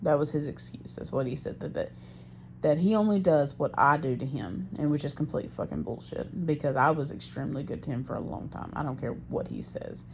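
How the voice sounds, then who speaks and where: Gravelly, low-voiced woman venting. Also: expressive, a little fast, slight background noise. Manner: profane, frustrated, heavy swearing. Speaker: diarist. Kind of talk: personal audio diary, venting.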